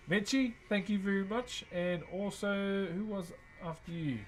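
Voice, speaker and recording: A man's voice: high voice, takes it slowly, a little hiss or hum. A man, chatting casually on a live stream and thanking viewers as he works. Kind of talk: casual live-stream chat while working.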